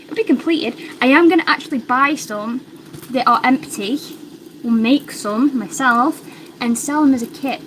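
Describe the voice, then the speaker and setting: A woman's voice: sits high, moderate pace. Chatty British woman on a noisy stream. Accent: British English. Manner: chatty, rambling, excitable. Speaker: crochet livestreamer. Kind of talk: casual livestream chat. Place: home.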